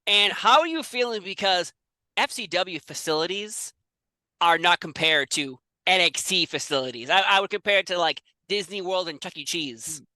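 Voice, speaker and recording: A man hosting an interview, chatty and quick with short reactions. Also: high-pitched, expressive, bright, forceful tone, no echo. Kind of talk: casual interview chat.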